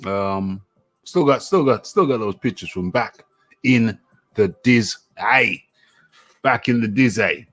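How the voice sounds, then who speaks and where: Bright-voiced man trading jokes. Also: on the low side, lively intonation, slow. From England. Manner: laughing, repeats lines for effect. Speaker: host. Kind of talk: casual banter.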